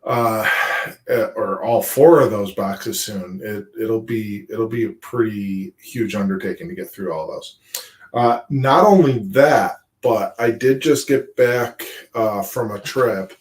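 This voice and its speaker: A man's voice: on the low side, slow. A man co-hosting a casual chat, rambling along with many fillers. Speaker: co-host. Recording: echoey room sound.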